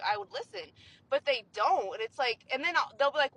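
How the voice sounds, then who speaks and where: A woman's voice: sits high, animated, brisk, a bit bright, rough recording. A young woman venting about her job in a casual, rambling way, swearing often and filling her talk with "like". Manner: frustrated, profane, rambling with many "like" fillers. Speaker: vlogger venting about work.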